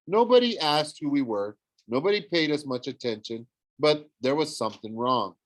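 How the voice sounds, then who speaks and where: A man reading a novel aloud, animated, with frequent slips and self-corrections. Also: fairly high pitch, normal speed, no echo. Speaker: audiobook reader. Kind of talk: storybook read-aloud narration.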